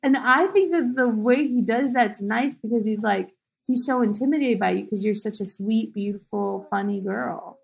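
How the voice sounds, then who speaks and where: A woman co-hosting an improvised comedy podcast, talking in an animated way and slipping into silly voices. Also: a little high, normal speed, creaky. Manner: animated, does silly voices and sings loudly.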